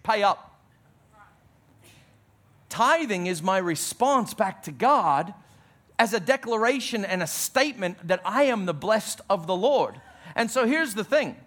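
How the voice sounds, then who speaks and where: A man preaching a sermon as pastor, emphatic, dropping his voice low on key words. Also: very animated, measured pace, a bit bright.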